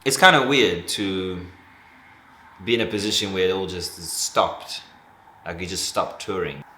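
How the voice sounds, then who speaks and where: A man speaking calmly in a documentary interview, reflecting on his touring life. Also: sits low, measured pace. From South Africa. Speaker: comedian being interviewed. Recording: roomy echo with faint noise.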